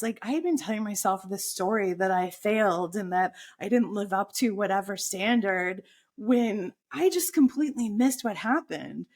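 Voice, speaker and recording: A husky, middle-pitched woman appears as a podcast guest, telling an animated personal anecdote. As the story builds, she slips into voicing her own inner thoughts as quotes.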